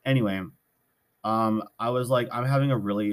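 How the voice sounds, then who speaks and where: Man, podcast host, solo monologue, earnest, rambling, corrects himself, hiccups, low-pitched. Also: fairly even intonation, moderate pace. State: has the hiccups.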